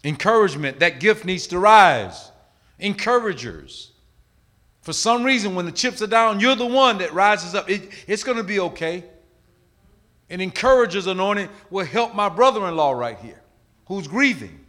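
A middle-aged male pastor preaching a sermon, emphatic, swinging from loud calls to hushed asides. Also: sits high, lively intonation, moderate pace.

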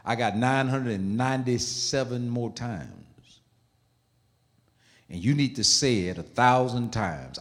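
A man's voice: mid-range voice, unhurried. A male pastor preaching a sermon in an emphatic, repetitive style, with asides to the congregation. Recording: echoey hall.

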